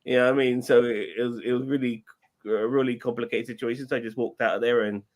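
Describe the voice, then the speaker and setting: A man's voice: medium pitch, fairly even intonation, fast talker, darkish tone. Rambling English man in his forties. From England. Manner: rambling anecdote with restarts and swearing. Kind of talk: casual banter.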